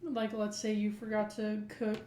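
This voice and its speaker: A woman's voice: mid-range voice, completely flat delivery, moderate pace, warm tone, reverberant, a little hiss or hum. A woman co-hosting a podcast in casual chat, rambling and saying "like" constantly. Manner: rambling, heavy use of "like". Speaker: podcast co-host.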